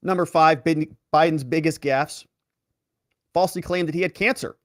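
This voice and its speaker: A man's voice: normal speed, dry recording, studio quality. A man who is an attorney giving casual, sarcastic political commentary and reading articles aloud. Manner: animated and sarcastic, with wide swings in pitch.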